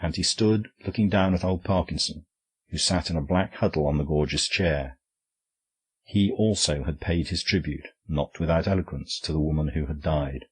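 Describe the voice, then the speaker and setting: A man narrating an audiobook in a steady, even storytelling manner. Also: very deep voice, normal speed, breathy edge.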